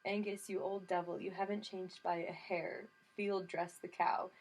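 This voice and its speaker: A woman's voice: lowish voice, little pitch movement, a little slow, husky. A woman reading an audiobook voices a pale young nobleman who speaks politely and teases mildly. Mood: teasing. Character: pale young nobleman, gentle and easily amused.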